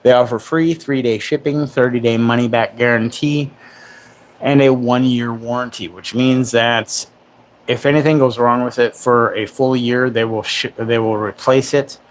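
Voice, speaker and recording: A man in his forties chatting casually on a livestream from his home. He jokes and mocks with a sarcastic edge, breaking into laughs often, at an average pitch. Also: fairly even intonation, moderate pace, slight background noise. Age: 40s. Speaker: livestream host. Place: home, in Florida.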